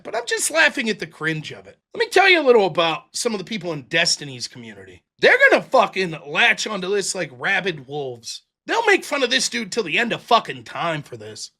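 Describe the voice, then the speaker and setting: A man's voice: sits high, big pitch swings, a little fast, hardly any pauses, bright, forceful tone. Exasperated, swearing male commentary host. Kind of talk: profane reaction commentary.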